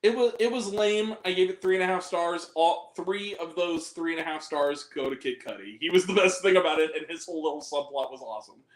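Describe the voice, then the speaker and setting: Lively high-pitched man in an echoey room. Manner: animated, profane, quick to laugh and shout. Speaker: podcast host. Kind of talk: casual film review chat.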